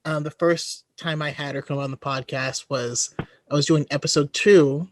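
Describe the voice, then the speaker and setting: Chatty man hosting, slightly high voice. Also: steady tone, slight background noise. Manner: friendly, halting with repeated restarts. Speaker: podcast host. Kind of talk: casual podcast chat.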